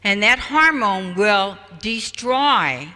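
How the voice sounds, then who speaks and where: A man giving a public talk, telling stories in an animated, deliberate way. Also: sits high. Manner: animated storytelling, slow and deliberate. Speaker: speaker. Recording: echoey hall, distant mic.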